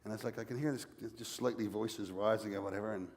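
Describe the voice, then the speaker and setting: Newfoundland guy spinning a joking yarn, lowish voice, big echoey hall. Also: fairly even intonation, fast, darkish tone. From Newfoundland, Canada. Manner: playful, joking storyteller. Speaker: author guest. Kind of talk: live storytelling on stage. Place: library event hall.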